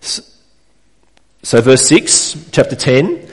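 A man's voice: mid-range voice, lively intonation, unhurried, a little mellow. A man preaching a sermon to his congregation, earnest and direct, often putting questions to his listeners. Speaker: pastor. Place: church hall. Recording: reverberant church hall.

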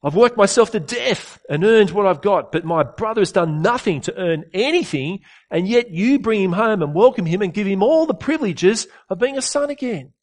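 Give me a man acting as a furious elder brother, pitched up and raised. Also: very animated, moderate pace. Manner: outraged, shouting complaints. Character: resentful elder brother, young man, indignant.

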